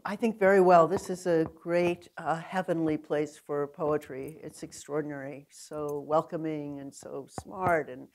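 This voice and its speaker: An older woman with a low voice, speaking as a guest poet at an onstage conversation. She rambles and digresses easily, drifting from one thought to the next and laughing often as she talks. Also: steady tone, a little slow, few pauses, darkish tone, slight background noise. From New York City. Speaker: interviewed poet.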